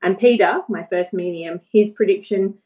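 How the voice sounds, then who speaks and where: A woman's voice: mid-range voice, moderate pace, darkish tone, low-quality recording. A woman, chatting as a guest and telling her story casually, laughing often and acting out what people said. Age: 40s. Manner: chatty, laughs often, acts out quoted voices.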